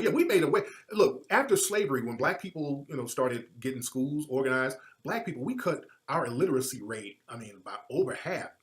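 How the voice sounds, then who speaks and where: A male commentator delivers an impassioned monologue full of emphatic, preacherly repetition. He swings between loud outbursts and low muttering.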